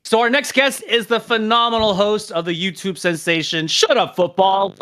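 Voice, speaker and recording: A man's voice: sits high, steady tone, normal speed, bright, forceful tone. A man co-hosting a podcast, teasing his friends and introducing guests in a playful announcer manner. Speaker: podcast co-host. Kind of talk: casual podcast banter.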